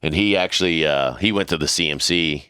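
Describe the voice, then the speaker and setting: A middle-aged man tells a war story over the mic in loose, profane podcast chat, jumping into the voices of his old superiors as he goes. His voice sits fairly low and has a bright, forceful edge. The sound is dry and close. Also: fairly quick, smooth, dry recording. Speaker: podcast crew member telling a story.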